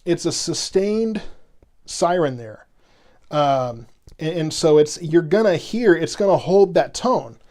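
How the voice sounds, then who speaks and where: Speaking slowly but animatedly in a voice on the high side and a little mellow, a man hosts a live severe weather stream. He explains patiently to chat at length, rambling with many restarts and repetitions.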